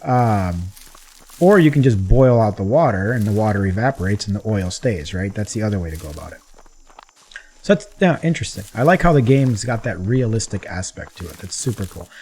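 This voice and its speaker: A man casually talking through his gameplay as a gaming channel host, chatty and rambling, getting excited at times. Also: on the low side, a little fast, slightly rough.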